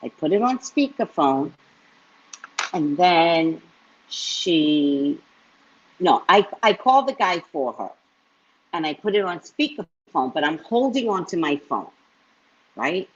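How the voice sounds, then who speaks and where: A woman psychic reader telling a story to her live-stream viewers in a casual, animated way, often tagging lines with "right?". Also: fairly low pitch, slow pace, pauses often, breathy edge. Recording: dull lo-fi stream audio.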